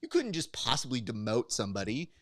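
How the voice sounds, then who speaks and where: Lively teasing male podcast host. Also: mid-range voice, fairly quick, no echo, studio quality. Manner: teasing, leads the topics. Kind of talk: casual podcast banter.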